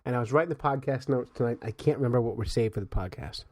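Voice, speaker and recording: A man's voice: mid-range voice, fast talker, no echo. A man co-hosting a casual podcast, telling stories with lots of energy and laughing often. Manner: animated storytelling, mimics frog screams, laughs often. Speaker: podcast co-host. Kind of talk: casual chat.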